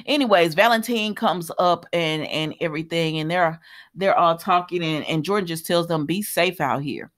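A woman with a slightly low voice retells a soap episode in casual, colloquial chat. She breaks in with her own wry asides and speaks straight to her viewers. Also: normal speed. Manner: chatty, retells scenes with running commentary and laughs; colloquial, addresses viewers as y'all. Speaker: soap opera recap host.

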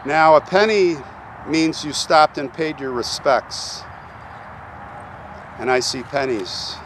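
A man's voice: fairly high pitch, slow pace, fairly bright tone, a little hiss or hum. A man hosting an on-location vlog at a military cemetery, speaking earnestly and reverently straight to his viewers. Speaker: channel host visiting a grave.

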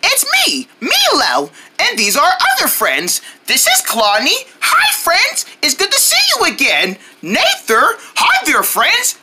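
A woman voicing a cheerful, excitable young boy who talks straight to child viewers in a sing-song way. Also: high voice, slight background noise, exaggerated voice. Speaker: children's show character. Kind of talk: children's cartoon voice acting.

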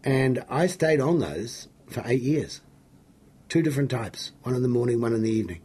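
This middle-aged interview guest speaks with a New Zealand accent in a husky, gravelly mid-range voice at normal speed. He tells stories animatedly, joking and rambling with plenty of excitement.

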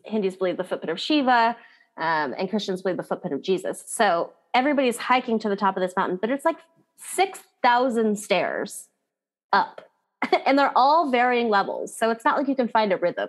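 A woman's voice: mid-range voice, lively intonation, normal speed. A woman guest on a podcast interview, telling a personal story in a candid, chatty way with lots of "like".

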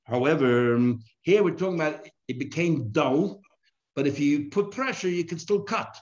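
A man's voice: a little high, lively intonation, normal speed, a little mellow, lo-fi sound. A man, a rabbi, teaching a daily Talmud class, reading Aramaic phrases and explaining each one in plain English.

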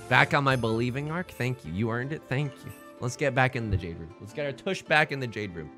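A man's voice: sing-song, quick pace, few pauses, music in the background. Rambling jokey man streaming. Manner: rambling, jokey, bursts into loud high bits. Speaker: streamer playing online mahjong. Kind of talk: casual livestream banter.

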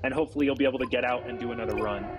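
Halting young man coaching his game team. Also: mid-range voice, fairly even intonation, loud music behind the voice, poor audio. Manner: halting, full of fillers and restarts. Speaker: squadron leader and streamer. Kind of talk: casual team voice chat during a game.

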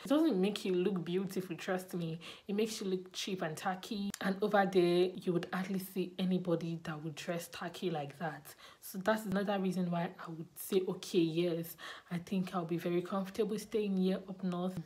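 Chatty Nigerian woman vlogging, low voice. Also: fairly even intonation, normal speed, hardly any pauses, darkish tone. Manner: chatty, repeats words for emphasis. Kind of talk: casual chat to camera.

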